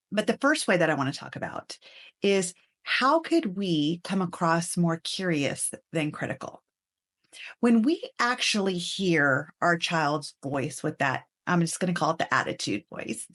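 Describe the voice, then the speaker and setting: A woman's voice: lowish voice, fairly bright tone. Conversational woman parenting coach. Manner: conversational, acts out kids' and parents' tones in asides. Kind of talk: direct-to-camera advice talk.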